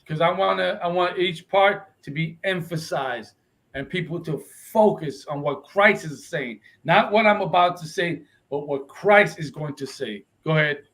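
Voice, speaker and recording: A man's voice: on the high side, a little slow, fairly bright tone, poor audio. A man teaching a confrontational Bible lesson, pressing listeners with repeated "right?" and switching between English and Spanish. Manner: emphatic, keeps asking "right?" for agreement. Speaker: religious instructor.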